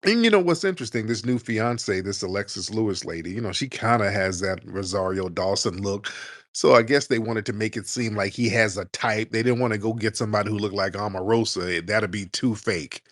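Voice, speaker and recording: A man's voice: fairly low pitch, a little fast, no echo, clean studio sound. A man hosting a comedic commentary show, talking in a blunt, casual, mocking way and laughing often. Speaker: host.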